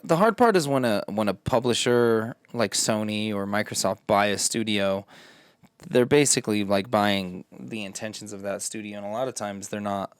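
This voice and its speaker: A man's voice: fairly low pitch, smooth, no room sound. A man co-hosting a games podcast, talking casually and animatedly, swearing often. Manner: animated, swears often, mocking put-on voices. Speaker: podcast co-host. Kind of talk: casual chat.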